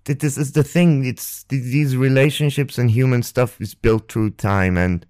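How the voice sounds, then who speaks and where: A young man hosting a podcast, telling a personal story on a close microphone in a halting, rambling way, with restarts and swearing. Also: mid-range voice, steady tone, darkish tone. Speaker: podcast host. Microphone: close ASMR microphone.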